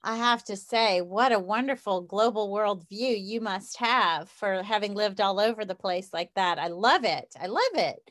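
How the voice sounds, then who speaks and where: A woman's voice: mid-range voice, moderate pace, hardly any pauses, a bit bright, no echo. A woman in her fifties with a Southern US accent, hosting an interview in an enthusiastic, chatty way. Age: 50s. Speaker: interview host. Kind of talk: interview conversation.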